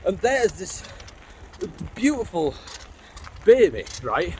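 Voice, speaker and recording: A man vlogs while cycling outside, his voice high, sing-song, slow, and a little mellow against slight background noise. He rambles through anecdotes with swearing and character voices, breaking off mid-sentence to greet passers-by.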